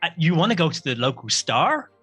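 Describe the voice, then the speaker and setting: A man narrating a tabletop game as game master, in a halting way that keeps interrupting itself. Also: on the high side, sing-song, sharp tone, slightly rough, soft background music.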